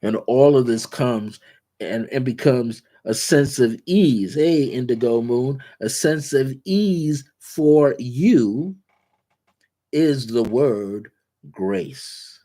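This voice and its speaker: Slow, mellow-voiced man giving spiritual affirmations. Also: mid-range voice. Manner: repetitive incantatory affirmations, slows on key words. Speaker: spiritual teacher and show host. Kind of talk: guided spiritual talk.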